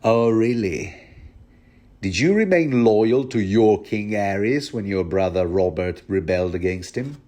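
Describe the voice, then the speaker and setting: A man's voice: lowish voice, expressive, a little slow, mellow. A man voicing a blunt, loyal male knight who speaks plainly and earnestly. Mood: challenging.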